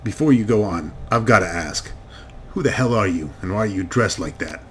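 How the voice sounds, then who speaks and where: A man's voice: fairly low pitch, animated, fairly quick, a bit bright, slight background noise, voice pushed down. A man voicing a blunt, sarcastic street mercenary.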